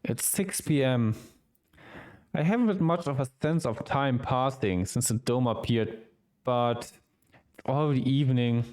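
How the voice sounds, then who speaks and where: A man streaming a visual novel, reading the game's dialogue aloud with quick asides of his own. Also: medium pitch, a little mellow.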